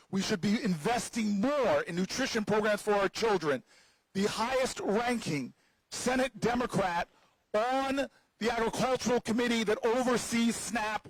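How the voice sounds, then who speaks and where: A man hosting an outdoor rally, introducing speakers with energetic, effusive praise. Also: high voice, no echo, poor audio. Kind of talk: rally emcee remarks.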